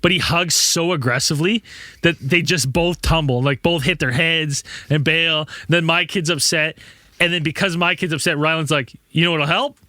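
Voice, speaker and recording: A man's voice: fairly high pitch, fairly even intonation, normal speed, bright, forceful tone, no room sound. A man in his thirties, a podcast host, telling rambling stories in casual chat, swearing often and laughing a lot.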